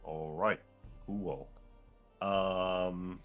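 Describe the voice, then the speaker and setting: A man's voice: deep voice, fairly even intonation. A man playing a tabletop game, hesitant and full of ums as he decides what to do. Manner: slow, hesitant with many ums. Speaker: player. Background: faint background music.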